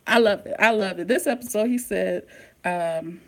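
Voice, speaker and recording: A woman chatting live to her viewers as she recaps a TV episode. Her talk is casual and slangy, and she gets excited easily. Her voice sits at a middle pitch. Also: moderate pace. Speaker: TV recap host. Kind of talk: casual live-stream chat.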